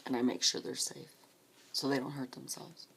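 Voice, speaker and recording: Low woman with gravelly fry, talking soft and hushed about grief, a little tearful, faint hiss behind. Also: level tone, moderate pace. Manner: soft, hushed, often breaking into a whisper. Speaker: grief support volunteer. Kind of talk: personal storytelling.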